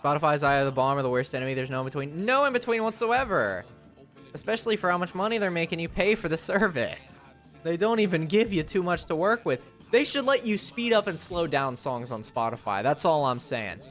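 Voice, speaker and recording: A man's voice: on the high side, animated, a little fast, fairly bright tone. A male streamer in casual live-stream chat, rambling and joking with many fillers and restarts. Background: faint music.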